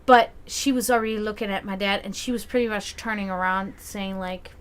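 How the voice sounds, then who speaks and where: This woman talks a little fast with few pauses, her mid-range voice smooth. A community gathering host and adult who grew up with a brother, she tells a long, relaxed family story, performing the quoted voices, laughing frequently, and cursing.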